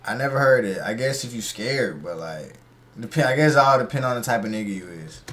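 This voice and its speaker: A man's voice: medium pitch, expressive, a little fast, a bit bright, echoey room, slight background noise. A man giving casual, slangy reaction commentary, talking back to a video as he streams.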